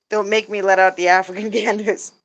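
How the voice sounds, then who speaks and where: Woman vlogger, slow easygoing talk, rambling with fillers, chuckles often, chores in a goose coop. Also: mid-range voice, lo-fi sound. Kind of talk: casual chat while doing chores.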